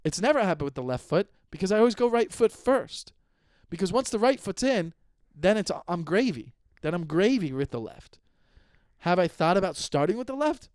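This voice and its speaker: A man's voice: high-pitched, moderate pace, dry recording, clean studio sound. A man in his thirties hosting a solo podcast, ranting in an exasperated, comedic way and often restarting his sentences. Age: 30s. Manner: animated, exasperated, repeats and restarts himself. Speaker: podcast host.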